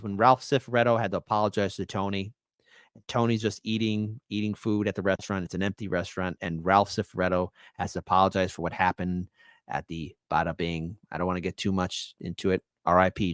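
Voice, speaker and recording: A man hosting a casual commentary show, loudly mocking news clips with profanity. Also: low-pitched, dry recording, clean studio sound. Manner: loud, mocking, profane, lively swings. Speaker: host reacting to news clips.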